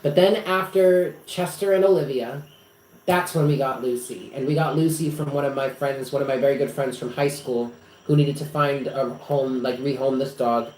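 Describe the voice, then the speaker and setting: In an echoey apartment with faint noise, a man hosting a psychic-reading live stream chats casually, rambling and emotional, leaning on fillers. His mid-range voice is a little mellow, with fairly even intonation and a moderate pace.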